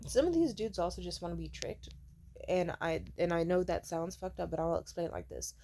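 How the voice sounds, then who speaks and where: A young woman vlogger with a lowish, dark-toned, sing-song voice rants casually through her dating stories a little fast. She's blunt, profane and sarcastic, mocking people in put-on voices.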